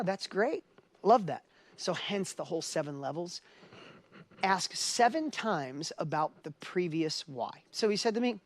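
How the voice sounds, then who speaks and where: A man's voice: a little high, dry recording. A middle-aged man speaking as an event speaker, telling a personal story in a motivational stage talk and building to urgent exhortation.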